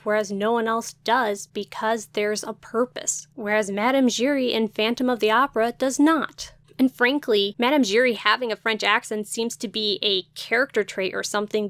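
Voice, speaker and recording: A woman's voice: fairly high pitch, no room sound. A woman YouTube creator ranting to camera in an emphatic, argumentative way. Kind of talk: opinion rant to camera.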